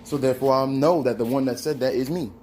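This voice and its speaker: A man's voice: mid-range voice, steady tone, fast, a little mellow, slight background noise. A man hosting a casual spiritual monologue, talking in a slangy, conversational street style. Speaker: host.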